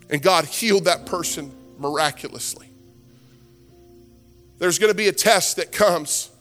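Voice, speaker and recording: A pastor with a sharp tone and a voice on the high side preaches a sermon, moving from a story into impassioned exhortation. The recording catches a reverberant church sanctuary with worship music playing behind.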